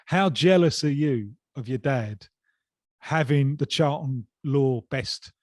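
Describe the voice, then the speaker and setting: A man's voice: mid-range voice, animated, takes it slowly, no room sound, studio quality. A man co-hosting a casual football podcast, chipping in with questions and short remarks. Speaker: podcast co-host.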